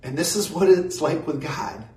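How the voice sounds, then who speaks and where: A man preaching a sermon in a slow, measured way, repeating phrases and pausing often. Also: on the high side, lively intonation, a little mellow, echoey room, far from the mic, poor audio. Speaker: pastor.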